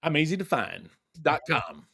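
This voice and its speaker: A middle-aged man, talking as a podcast guest in an animated, blunt, joking way with some cursing. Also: on the high side, normal speed, gravelly, slightly rough. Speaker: dog training company owner, guest. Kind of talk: energetic podcast interview.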